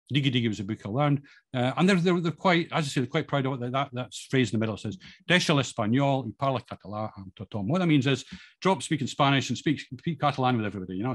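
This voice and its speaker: A man's voice: mid-range voice, a bit bright. A middle-aged man with a Scottish accent gives a chatty, rambling talk to an audience with slides, full of ums, restarts and self-deprecating jokes. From Scotland. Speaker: guest speaker.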